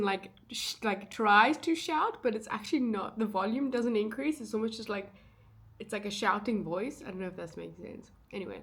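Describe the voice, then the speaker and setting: Young woman, casual vlog chat, chatty, fillers and asides, thinking aloud. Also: mid-range voice. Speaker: vlogger.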